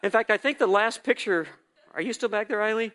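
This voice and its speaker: Bright-voiced man telling a story from the pulpit. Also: high-pitched, fairly quick. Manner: storytelling that acts out quoted dialogue; swings between quiet reflection and loud emphatic bursts. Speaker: church speaker sharing a testimony. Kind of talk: sermon testimony to a congregation. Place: church service.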